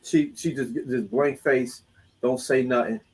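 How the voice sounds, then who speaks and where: A man's voice: mid-range voice, steady tone, measured pace, very noisy. A man co-hosting a podcast, telling a story in loose, joking, slangy talk. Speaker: podcast co-host. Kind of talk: casual chat.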